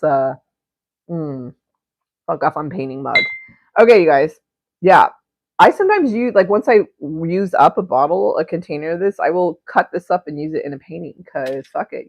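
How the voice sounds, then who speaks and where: A woman's voice: on the low side, dry recording, dull audio. A young woman hosting an art livestream, chatting casually and crudely while she paints, rambling and giggling between topics.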